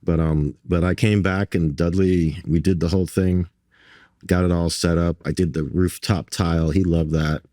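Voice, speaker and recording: Low-voiced man telling animated stories. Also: moderate pace, no room sound, clean studio sound. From New York and Barbados. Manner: animated, acts out the voices of the people in his stories; frequent restarts and fillers. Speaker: guest artist. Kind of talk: conversational storytelling.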